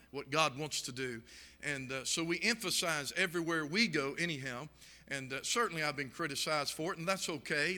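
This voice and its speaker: A man's voice: fairly high pitch, pushed and bright, in a large hall. A man speaking fervently at a church meeting, emphatic and full of "and, uh" fillers. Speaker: guest preacher. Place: church sanctuary.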